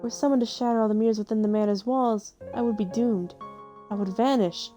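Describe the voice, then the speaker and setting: A woman voicing a gentle, mournful female spirit in a mirror, speaking slowly and mysteriously in a husky alto. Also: fairly high pitch, fairly even intonation, soft background music, close to an everyday voice.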